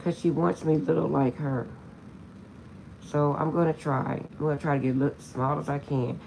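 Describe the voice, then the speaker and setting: A woman vlogger chats casually to her viewers with a gravelly, fry-tinged voice. She tells her story animatedly, laughing often and repeating that she is serious, over a faint hiss in the background. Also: low voice, steady tone, normal speed, darkish tone.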